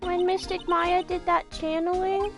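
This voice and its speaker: Lady doing a shy little girl, quiet and polite. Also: very high voice, little pitch movement, unhurried, soft background music. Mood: timid. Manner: timid, polite. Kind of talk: game voice reading.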